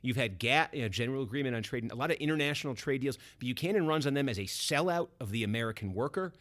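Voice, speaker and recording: He's a fast talker from Boston with a medium-pitched voice, a book author chatting as a podcast guest. In that conversation he spins quick political tales, lively and dense with particulars.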